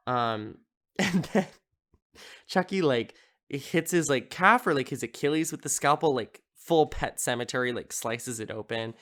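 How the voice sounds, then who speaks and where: A man's voice: mid-range voice, expressive, measured pace, a bit bright. A man hosting a podcast, casually recapping a horror film in a rambling, amused way, with lots of filler words. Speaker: podcast host.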